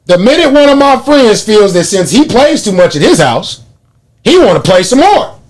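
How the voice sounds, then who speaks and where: A man's voice: sits high, normal speed. A man, hosting a podcast and telling profane stories in casual chat. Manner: animated storytelling, profane, laughs often. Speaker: podcast host.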